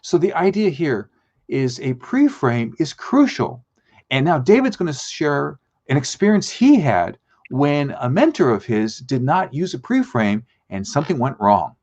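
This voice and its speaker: A man's voice: mid-range voice, a little slow, muffled recording. A man hosting a live show as a speaking coach, teaching with examples and acting out the lines he quotes. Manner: animated, acts out quoted lines.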